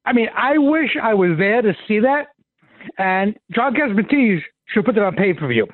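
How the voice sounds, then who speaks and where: A man calling into a talk radio show, excited and gushing with praise. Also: high voice, normal speed, dry recording. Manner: excited, gushing, laughs easily. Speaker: caller. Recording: tinny phone line.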